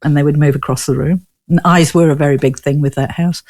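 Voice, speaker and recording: Her voice sits low and steady, a little mellow, and she talks fast. She's a Newcastle ghost tour owner with a northern English accent, chatting casually as an interview guest, laughing a lot and rambling from story to story.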